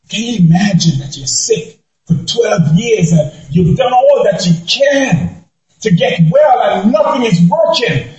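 High-voiced man preaching, very echoey. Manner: emphatic, often shouting. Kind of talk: sermon. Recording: very echoey room, distant mic.

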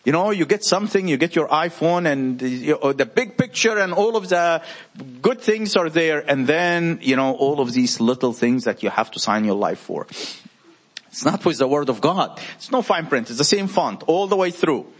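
A man with a somewhat high voice teaching from the Bible in a relaxed, conversational manner. He explains his points through everyday comparisons and speaks directly to the group. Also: moderate pace. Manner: conversational, uses everyday examples.

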